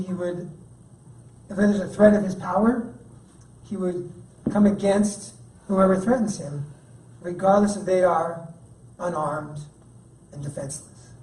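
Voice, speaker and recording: A man's voice: high voice, darkish tone, a little hiss or hum. Casual joking man preaching in an echoey room. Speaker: guest speaker. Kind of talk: sermon. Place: church. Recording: echoey room, mic at a distance.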